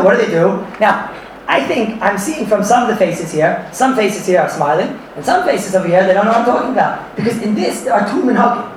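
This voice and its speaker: A man giving an animated Torah class to a room full of listeners, mixing in Yiddish and Hebrew terms and often laughing as he talks. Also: high-pitched, fairly quick, a little hiss or hum. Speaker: Torah teacher. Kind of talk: lively halachic class. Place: room with audience. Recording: echoey room, far from the mic.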